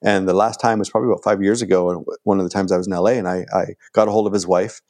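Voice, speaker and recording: Racing through a long story as a podcast guest, a middle-aged man keeps saying "like" and restarting, and he raises his voice to act out what people said. His voice is deep and darkish, with a steady tone.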